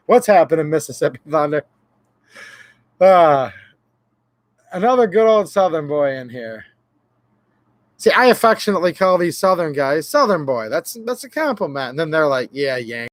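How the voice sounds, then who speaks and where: A slightly high-voiced man hosts a relaxed livestream, rambling and joking as he greets viewers from chat. The sound is dry and close, with no room echo. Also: normal speed, long pauses. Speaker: gun channel livestream host. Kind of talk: casual livestream chat reading chat names.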